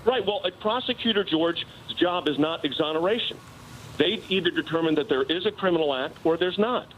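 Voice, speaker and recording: A man's voice: fairly high pitch, fairly quick, fairly bright tone, a little hiss or hum, poor audio. Insistent man defending his client. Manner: insistent, argumentative legal explanation. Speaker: president's personal attorney. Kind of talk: live TV news interview.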